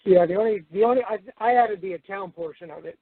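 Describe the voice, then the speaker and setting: A man calling in to a talk show, reading out a legal notice and then answering in a hesitant, halting way. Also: high voice, no echo. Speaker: caller. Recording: dry, phone-line radio audio.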